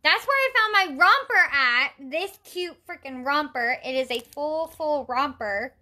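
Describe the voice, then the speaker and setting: A woman's voice: high-pitched, animated, measured pace, sharp tone. A young woman chatting casually while doing her makeup on a livestream, telling stories in an exasperated, talkative way and greeting viewers. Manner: chatty, exasperated storytelling, reads and greets chat. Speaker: makeup vlogger.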